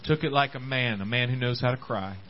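Fairly quick and recorded with the highs cut off, a preaching man delivers a church-service sermon that rises and falls. He shifts between loud climbing exhortation and soft low asides, with repeated words, restarted phrases and many amens.

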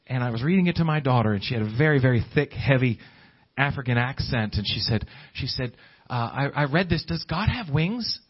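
A man's voice: mid-range voice, muffled recording. A man preaching a sermon, often restarting his words and building in fervor. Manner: repetitive restarts, rising fervor.

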